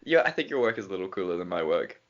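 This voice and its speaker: A young man with a low voice co-hosts a podcast, talking in an animated, joking, rambling way. He records from a small cupboard in an office, and the sound is dull and lo-fi. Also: very fast. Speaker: podcast co-host. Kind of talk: casual chat.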